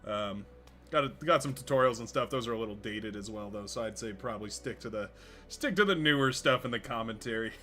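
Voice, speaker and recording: A man's voice: lowish voice, brisk, sharp tone, soft background music. A young man hosting a game livestream, rambling casually with frequent laughs and restarts. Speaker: stream host and game caster.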